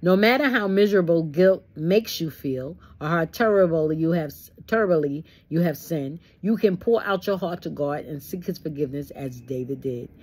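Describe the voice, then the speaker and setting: A woman's voice: sits low, expressive, normal speed, few pauses, darkish tone, breathy edge. A woman leading a Bible study, reading the text and breaking into folksy, preachy asides. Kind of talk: conversational Bible study teaching.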